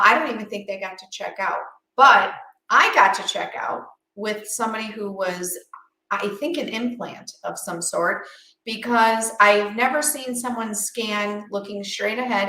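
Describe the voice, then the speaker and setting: A woman co-hosting a podcast, telling a story in a casual, animated way and acting out quotes. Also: medium pitch, moderate pace, echoey room, poor audio. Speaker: podcast co-host.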